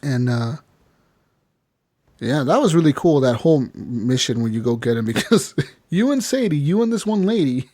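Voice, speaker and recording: A man's voice: medium pitch, expressive, normal speed, mellow, no room sound, clean studio sound. A man co-hosting a casual podcast, retelling scenes with lots of swearing and laughter. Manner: swearing, laughing, recounting scenes with quoted dialogue. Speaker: podcast co-host. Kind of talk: casual chat.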